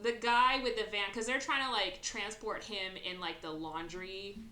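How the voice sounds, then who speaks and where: A woman's voice: mid-range voice, fairly even intonation, measured pace, sharp tone, roomy sound. A woman hosting a podcast, casually recapping a film with lots of fillers and quoted lines. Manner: rambling retelling with many fillers and acted quotes. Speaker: podcast host. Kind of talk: casual movie recap chat.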